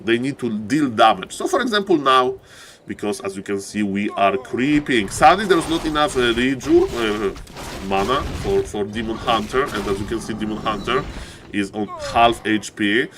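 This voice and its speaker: Excitable guy casting a game live, mid voice, bit of faint noise behind. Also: moderate pace. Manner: excitable, jumps to high yelps at big plays; keeps repeating "ladies and gentlemen". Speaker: esports caster.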